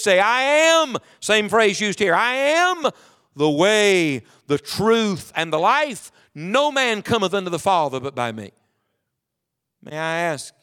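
High-voiced preaching man. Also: smooth. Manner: preaching with sweeping swings in volume, dropping to near hush. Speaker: pastor. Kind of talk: sermon. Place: church sanctuary.

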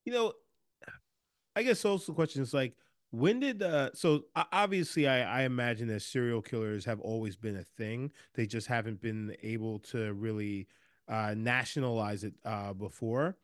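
A man's voice: medium pitch, normal speed, no echo, studio quality. A man co-hosting a casual movie podcast, rambling and restarting his sentences, speeding up when he gets worked up. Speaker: podcast co-host. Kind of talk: casual chat.

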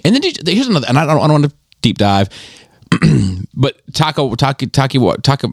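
A man's voice: medium pitch, big pitch swings, fairly quick, gravelly, no echo, studio quality. A man in casual podcast chat, rambling and profane, who tells stories with animation.

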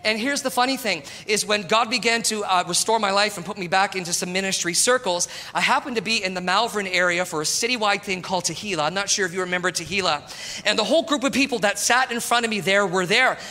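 Male pastor preaching, high pitched and very bright, in a reverberant hall; animated, talks straight to the congregation. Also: fast. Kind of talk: sermon.

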